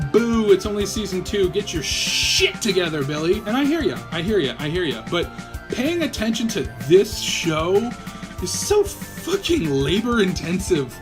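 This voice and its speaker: Male vlog host, high voice, loopy and foul-mouthed, worn out, rambling comedic review. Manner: profane, rambling, self-mocking and a bit loopy. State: tired from a marathon of viewing. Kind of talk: casual comedic rant to camera.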